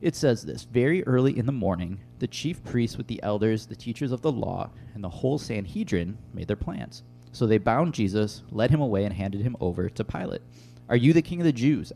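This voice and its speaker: A man's voice: on the low side, creaky, mellow, a little hiss or hum. A man preaching a casual, conversational sermon to a room, with frequent fillers. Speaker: pastor. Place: room with tables and an audience.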